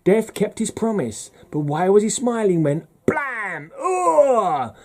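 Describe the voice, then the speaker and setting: A man's voice: high voice, sing-song, slow pace, darkish tone, voice pushed up, heavily acted. A man voicing a young male Southern soldier from the Civil War with a strained put-on drawl. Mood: relieved.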